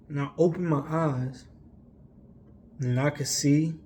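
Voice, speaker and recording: A man's voice: mid-range voice, fairly even intonation, moderate pace, gravelly, dark tone, a little hiss or hum. A young man telling a long personal story in a casual, rambling way, emphatic and full of fillers. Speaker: vlogger.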